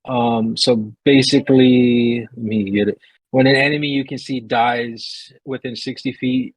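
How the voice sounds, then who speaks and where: A man at middle pitch, talking casually through his turn in an online tabletop game. He hesitates often and fills gaps as he thinks. The recording is dry, with no room sound. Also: husky, dry recording, poor audio. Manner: hesitant, many fillers. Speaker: player.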